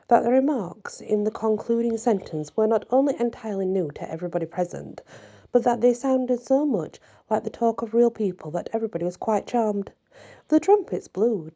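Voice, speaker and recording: A woman reading a fairy tale aloud in a measured, expressive way. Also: medium pitch. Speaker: storyteller.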